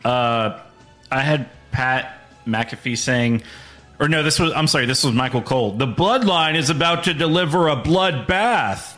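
A man co-hosting a podcast in casual chat, his voice bright and forward. He talks chattily, dropping "like" into his sentences as he recaps. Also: medium pitch, expressive, unhurried, faint music behind. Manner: chatty, says "like" a lot. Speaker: podcast co-host.

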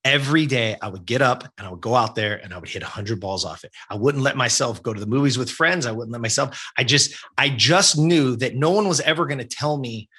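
A man in his fifties tells a personal story as a guest. His voice is forceful and bright with a husky edge, and he speaks earnestly and emphatically. He keeps checking in with his listeners, asking "right?". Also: medium pitch, a little fast, hardly any pauses. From Southern California. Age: 50s.

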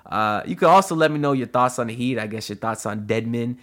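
Dude doing a solo sports podcast, mid-pitched voice, chatty, lots of uh's and tangents. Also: male voice, fairly quick, a bit bright. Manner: chatty and loose, with frequent "uh" and asides. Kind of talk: casual podcast commentary. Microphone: audio-only podcast mic.

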